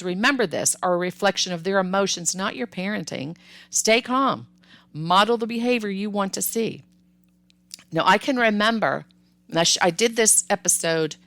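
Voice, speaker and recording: An older woman hosting a parenting podcast, giving advice in a calm, firm, instructive way with repeated emphasis. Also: on the low side, vocal fry, no echo.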